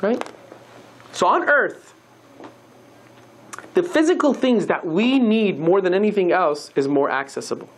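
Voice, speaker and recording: A rabbi giving a sermon, telling a story and acting out the dialogue with lively shifts in voice. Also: male voice, sits high, unhurried, pauses often, slight background noise.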